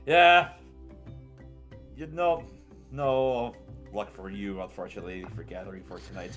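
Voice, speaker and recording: Lively, bright-voiced man game master. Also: lowish voice, unhurried, faint music behind. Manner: relaxed, with fillers and restarts, reads boxed text. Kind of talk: narrating a tabletop game.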